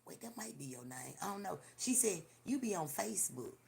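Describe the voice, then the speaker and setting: A woman hosting a livestream, telling profane, animated stories in casual chat with lots of repetition. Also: fairly low pitch, brisk, creaky, crowd noise. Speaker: livestream host. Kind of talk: casual storytelling to a live audience.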